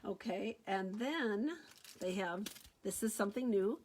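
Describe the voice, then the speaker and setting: A woman stamping demonstrator walks through her new papers, ribbons and dies in a relaxed, unhurried show-and-tell. She gushes and repeats her praise, chatting casually as she goes. A faint background hiss runs under her voice. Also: mid-range voice.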